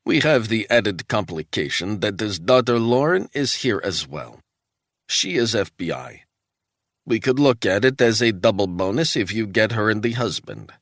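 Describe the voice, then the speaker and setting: A man voicing a gruff, menacing Russian military handler with a chain smoker's Russian accent, giving cold orders. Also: on the low side, animated, normal speed, a bit bright, no room sound, studio quality, pitched above the performer's own voice.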